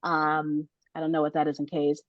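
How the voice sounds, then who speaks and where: A middle-aged woman tells a story in a casual interview, her voice sitting fairly low. She is animated, laughs often and restarts her sentences. The recording is dry and slightly dull. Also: moderate pace, dry recording. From United States. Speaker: author guest.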